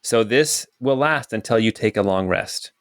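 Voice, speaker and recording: A man narrating as dungeon master in a calm, methodical way, filling pauses with "okay" and "um.". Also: lowish voice, dry recording, studio quality. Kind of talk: narrating a tabletop game.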